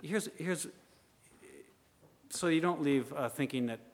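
A man's voice: fairly high pitch, takes it slowly. Man preaching with big swings, reverberant hall. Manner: animated, swings from loud urging to hushed asides. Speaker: pastor. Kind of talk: sermon.

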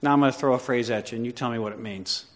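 A man's voice: medium pitch, rapid-fire. A male pastor preaching a sermon, talking with the congregation and building to emphatic repeated declarations. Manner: conversational, questions the congregation. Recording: long hall reverb.

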